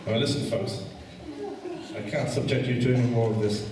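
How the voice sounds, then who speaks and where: A man's voice: medium pitch, normal speed. A man doing a wry, self-deprecating stand-up story for a crowd. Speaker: stand-up comic. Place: function hall with an audience. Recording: echoey hall, heard from far off. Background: crowd ambience.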